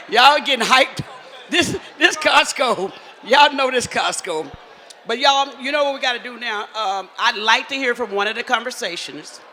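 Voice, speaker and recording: Loud teasing emcee man, high bright voice. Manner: loud, teasing, playful crowd-work. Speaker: event emcee. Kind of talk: joking live emcee banter. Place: large hall at a live event. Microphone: handheld mic. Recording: echoey hall with faint ambient noise.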